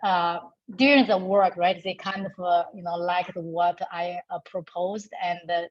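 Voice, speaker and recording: A woman who speaks English as a talks on a video call, pausing often and filling gaps with hesitations. Her voice sits fairly low. The call audio is dull and muffled. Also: steady tone. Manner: halting, many fillers, laughs often. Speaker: parent educator at a nonprofit.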